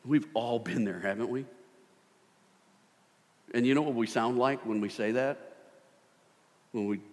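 A middle-aged man preaching a sermon, animated, swinging from loud bursts to hushed tones. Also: mid-range voice, normal speed, pauses often. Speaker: pastor. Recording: long hall reverb.

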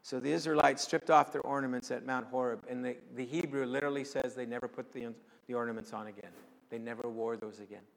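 A man preaching a sermon, conversational, with sudden swings between soft and loud. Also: medium pitch, steady tone, fast, vocal fry, long reverb tail, poor audio. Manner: conversational with dramatic swings in loudness. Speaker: pastor.

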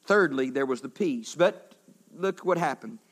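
A male pastor preaching a sermon, animated, swinging from loud to hushed and acting out little voices. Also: mid-range voice, a little slow.

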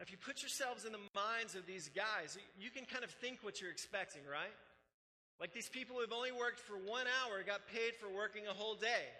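Bright-voiced man preaching in a reverberant hall. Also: sits high. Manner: emphatic, repetitive preaching with conversational asides. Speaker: pastor. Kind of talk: sermon.

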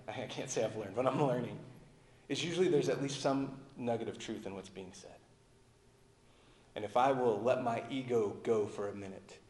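A male pastor preaching a sermon in a conversational way, dropping low and soft at the ends of phrases. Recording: echoey hall with long reverb.

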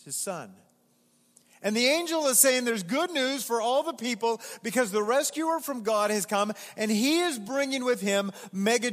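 A man preaching a sermon to his congregation, animated and emphatic, inviting them to respond aloud. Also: sits high, in a large hall. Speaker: pastor. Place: church sanctuary.

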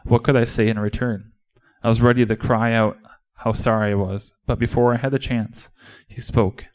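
A man's voice: mid-range voice, steady tone, moderate pace, darkish tone. A man performing an impassioned first-person monologue in a church service, speaking as a disciple. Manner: impassioned, indignant storytelling.

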